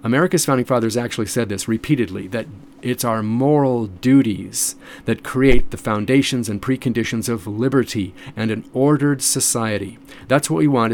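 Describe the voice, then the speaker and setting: A man's voice: mid-range voice, a little mellow, slight background noise. Emphatic lecturing man. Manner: emphatic, repetitive lecturing with restarts. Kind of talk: lecture-style commentary.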